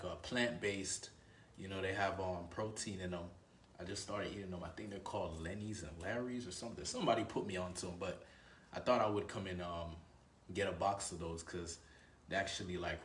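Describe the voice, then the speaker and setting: A man's voice: fairly low pitch, reverberant, a little hiss or hum. A man giving casual dating advice, laid-back, swearing freely and acting out both sides of a conversation, recorded in a grocery store. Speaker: dating coach. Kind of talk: casual instructional monologue.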